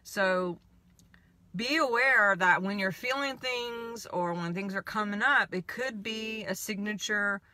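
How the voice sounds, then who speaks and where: A woman's voice: medium pitch, unhurried, dry recording. A woman telling a personal story in a casual, rambling monologue, full of "I'm like" asides. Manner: rambling, animated retelling with many "I'm like" asides. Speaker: spiritual coach.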